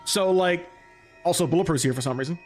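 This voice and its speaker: A man in his late twenties talks over his gameplay in a loose, chatty way, drifting between tangents and restarting his sentences. His voice sits a little higher than most men's. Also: fairly quick, faint music behind. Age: late 20s. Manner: rambling and chatty, self-correcting. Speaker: let's play gamer. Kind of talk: casual gameplay commentary.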